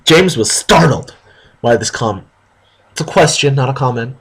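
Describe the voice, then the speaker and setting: A man's voice: medium pitch, lively intonation, fairly bright tone, slightly rough. A man reading a story aloud for a video, stumbling over words and breaking off for sarcastic comments. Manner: halting reading, sarcastic asides.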